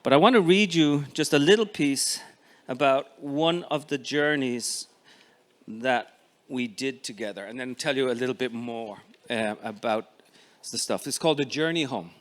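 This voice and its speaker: A man in his fifties with an Irish accent, reading his own memoir aloud in a measured, expressive way with many pauses. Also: medium pitch. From Ireland. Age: 50s. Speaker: author.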